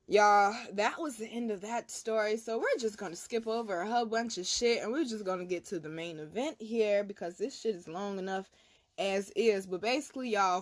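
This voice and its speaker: Animated, profane young woman storyteller. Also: mid-range voice. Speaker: vlog host, spiritual reader. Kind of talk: casual storytelling.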